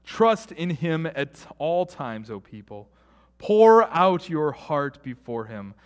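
A male pastor delivers a sermon in a conversational way, with fillers and asides. His voice sits a little high and rises loud on key points, then sinks to hushed, almost whispered lines. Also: sing-song, takes it slowly, clean tone, big-room sound. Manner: dynamic, swings from loud emphasis to hushed near-whisper.

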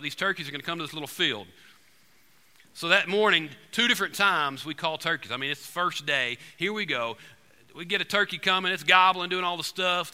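A man preaching to a congregation, telling an animated, joking hunting story to the room. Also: sits high, smooth. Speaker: pastor. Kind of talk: storytelling sermon. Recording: long reverb in a large hall.

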